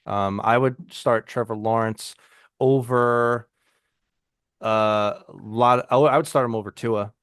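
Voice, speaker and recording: A man's voice: medium pitch, fairly even intonation, a little slow, a bit bright, clean tone, no room sound. Chatty man co-hosting in a dry room. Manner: loose and conversational, with frequent restarts. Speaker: podcast co-host. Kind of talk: casual fantasy football chat.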